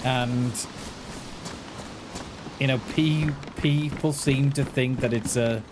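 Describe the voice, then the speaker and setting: A man in his forties chatting casually on a gaming livestream, rambling and halting, often restarting his words and answering his viewers in a friendly way. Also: mid-range voice, steady tone. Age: 40s. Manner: talks back to chat in a friendly, reassuring way. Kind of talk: casual livestream chat while playing. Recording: noisy home stream recording.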